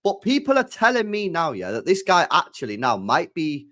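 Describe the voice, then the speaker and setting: A young man hosting a casual football live stream, loose and chatty, full of slang, swinging from loud bursts to mumbles. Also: fairly high pitch, wildly swooping pitch, moderate pace. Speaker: football channel host.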